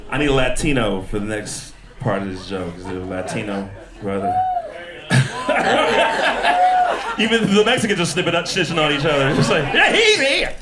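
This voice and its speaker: A man from Texas does stand-up before a live club audience, working the crowd and acting out characters in put-on voices. His mid-range voice swoops wildly in pitch at a normal speed. Far from his handheld stage mic, the recording is very noisy and roomy, with laughter from the audience.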